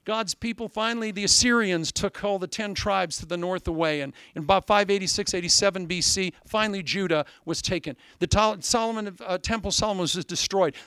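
A man's voice: high voice, clear, resonant tone, no echo, clean studio sound. A male preacher from Iowa delivering a sermon, telling stories animatedly and acting out voices. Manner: animated storytelling, acts out voices and laughs.

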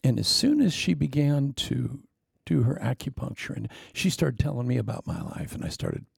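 Gravelly, animated male preacher. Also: mid-range voice, moderate pace, no echo, clean studio sound. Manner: animated storytelling, swings from shouts to hushed whispers. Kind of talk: sermon.

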